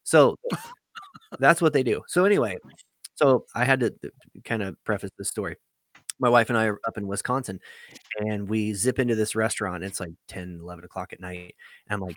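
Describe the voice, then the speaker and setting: A man's voice: fairly low pitch, normal speed, a little hiss or hum. A man telling a rambling, profane story in a casual chat as a podcast host.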